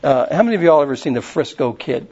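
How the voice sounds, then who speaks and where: A man's voice: fairly high pitch, animated, fast, darkish tone, breathy edge. A man preaching a casual, rambling sermon, retelling stories with many fillers. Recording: muffled lo-fi recording.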